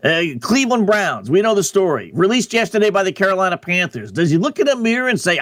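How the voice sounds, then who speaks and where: A man's voice: high-pitched, big pitch swings, quick pace, hardly any pauses, a bit bright, no room sound. A man hosting a sports betting radio show, talking in a wry, conversational monologue full of rhetorical questions.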